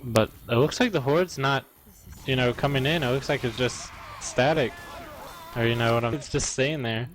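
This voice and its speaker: A man with a mid-pitched voice co-casts a competitive video game match. He thinks aloud as he talks, and his musing is often hesitant, with pauses and trailing phrases. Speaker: game co-commentator. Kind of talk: esports commentary.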